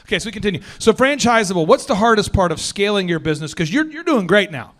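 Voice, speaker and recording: A male podcast host with a notably high voice talks in a casual, slangy way. He is energetic and animated and leans hard into his storytelling. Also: fast.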